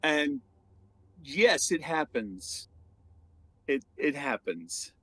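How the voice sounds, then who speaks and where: A man on a panel calmly explaining voice recording work in halting, casual phrases. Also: on the high side, breathy edge, dry recording.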